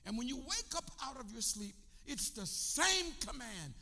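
A man preaching a sermon in a church, emphatic, rising into shouts and sung phrases, and calling on the congregation to answer. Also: extremely high pitch, big pitch swings, a little slow. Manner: leads the congregation in call and response. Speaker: pastor. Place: church sanctuary. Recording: echoey hall.

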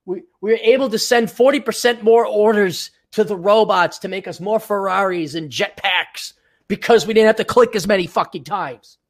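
A man hosting a podcast, ranting in an exasperated, sarcastic and profane way. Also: sits high. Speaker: podcast host. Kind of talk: ranting monologue.

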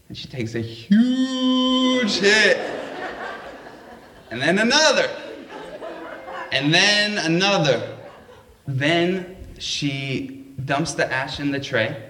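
A man's voice: fairly high pitch, a bit bright, slight background noise. A man telling a funny personal story in a casual, laughing, anecdotal way. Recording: roomy echo.

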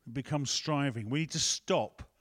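A man's voice: mid-range voice, moderate pace, a bit bright. A man preaching a conversational sermon, breaking off to ask the room and the tech team for help. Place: church hall with a screen.

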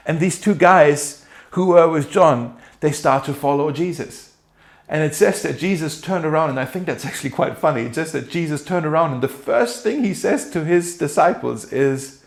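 A man's voice: a little high, expressive, moderate pace. A male pastor preaching a casual, playful sermon, acting out quotes with laughter.

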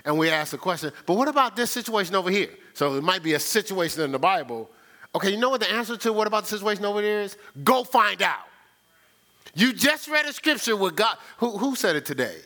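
A man's voice: sits high, expressive, fairly quick, sharp tone. A man preaching a conversational sermon, talking with the congregation, asking rhetorical questions and repeating his key lines. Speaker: pastor.

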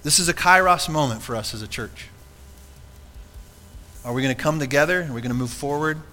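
A man's voice: a little high, a little fast, sharp tone, in a large hall. A man preaching a sermon to his congregation in a church, earnest and conversational, often asking rhetorical questions. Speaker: pastor. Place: church sanctuary.

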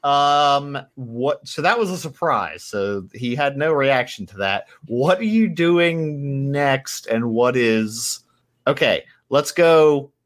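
Game master, slow delivery, hesitant, measured rulings. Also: medium pitch. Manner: measured, hesitant, thinking aloud over rulings. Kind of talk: running a tabletop game.

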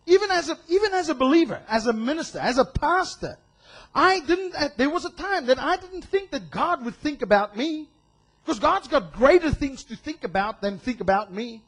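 A male pastor preaching a sermon in an animated way, acting out voices and shouting for emphasis. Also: very high-pitched, moderate pace.

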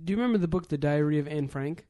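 A man with a slightly higher voice than most, chatting casually on a podcast. He rambles reflectively, circling back and restarting his thoughts, with fillers scattered throughout. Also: racing, warm tone. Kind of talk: casual chat.

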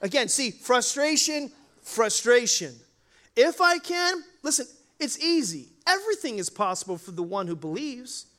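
A man's voice: extremely high pitch, normal speed. A man preaching a sermon as pastor, telling a Bible story and acting out the voices in it. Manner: animated, acts out Bible voices.

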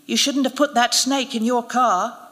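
A woman's voice: on the high side, expressive, normal speed, fairly bright tone, voice pushed up. A woman voicing a scornful young girl who taunts in a dry, merciless way. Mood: taunting. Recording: reverberant hall at a live reading.

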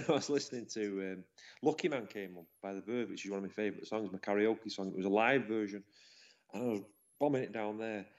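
A man, co-hosting a casual chat and telling stories warmly and at length. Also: fairly low pitch, brisk. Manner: chatty, rambling, emotional storytelling. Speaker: podcast co-host. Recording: dull lo-fi sound.

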